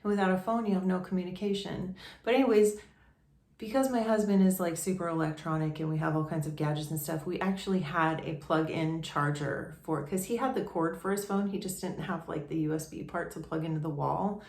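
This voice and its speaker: Gravelly-voiced woman rambling through a story. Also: lowish voice, brisk, a little mellow. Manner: rambling, many restarts and fillers. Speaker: vlogger. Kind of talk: casual storytelling to camera. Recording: echoey room.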